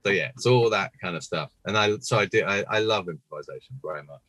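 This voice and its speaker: A middle-aged British man with a deep, husky voice and a bright, forceful edge. He tells animated stories in a casual interview, dropping lively acted quotes along the way. The sound is dry and close. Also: fast, no room sound, low-quality recording. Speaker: puppeteer guest.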